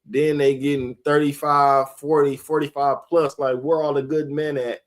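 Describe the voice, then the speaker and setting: A man's voice: a little high, level tone, moderate pace. A man, a member of a religious group, giving a rambling, conversational preaching talk and laughing often.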